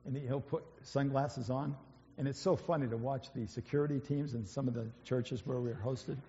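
A man's voice: mid-range voice, fairly even intonation, normal speed, warm tone. Hesitant man preaching in an echoey hall. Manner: conversational, hesitant, many fillers and restarts. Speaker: church speaker. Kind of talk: informal sermon with slides. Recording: dull, echoey church hall.

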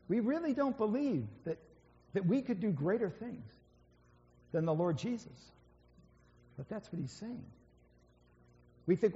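A man's voice: high-pitched, expressive, a little slow, long pauses, dark tone. A man speaking from the front of a church, his talk loose and conversational, full of ums and false starts. His voice carries a long reverb through a large hall, and the recording is dull and muffled. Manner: conversational, hesitant, many fillers and restarts. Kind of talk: informal sermon with slides.

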